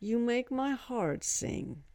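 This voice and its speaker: A woman reading a story, voicing a refined young man who speaks in a crisp, formal way. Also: on the high side, animated, unhurried, warm tone, dry recording, voice pushed up. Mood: earnest.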